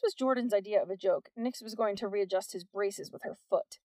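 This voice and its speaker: A woman reading a novel aloud as the narrator, telling it at a steady storytelling pace. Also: medium pitch, brisk, dry recording.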